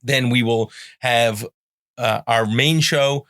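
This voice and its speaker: This podcast host, a middle-aged man from Canada, teases his guest and meanders through show plugs, punctuated by playful sound-effect buzzers. He speaks slowly in a mid-range, fairly bright voice.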